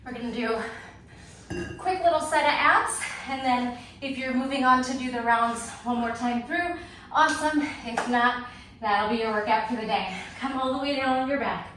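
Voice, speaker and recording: A woman's voice: fairly high pitch, moderate pace, a bit bright. A woman fitness instructor, out of breath, calling out short, clipped exercise cues through a workout class. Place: home workout space. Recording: echoey room from far off, faint noise.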